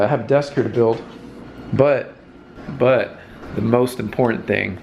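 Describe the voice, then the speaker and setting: A low, gravelly male voice talks in a relaxed, upbeat way, checking in with his viewers like an old friend. There is a faint hiss of background noise behind him, and he sounds just off camera. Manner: upbeat, laid-back, celebrating milestones. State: scratchy just-woke-up voice. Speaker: YouTube channel host. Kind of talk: casual check-in vlog.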